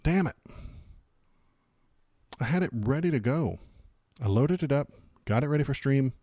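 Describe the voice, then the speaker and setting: A man's voice: medium pitch, expressive, normal speed, dark tone, dry recording, clean studio sound. A man hosting a live political stream, reacting in casual, rambling commentary that turns sarcastic and slips into muttered curses.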